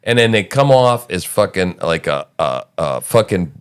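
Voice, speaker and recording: Male podcast host, low register, crude joking banter. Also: big pitch swings, moderate pace, clear, resonant tone. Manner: profane, joking, wordplay. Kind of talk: casual political commentary.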